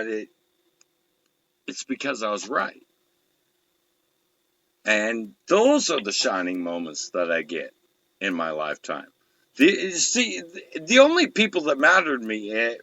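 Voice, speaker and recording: A man's voice: mid-range voice, gravelly, bright, forceful tone, no echo, highs cut off. A man hosting a talk show, telling rambling stories in casual chat and swearing constantly. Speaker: show host.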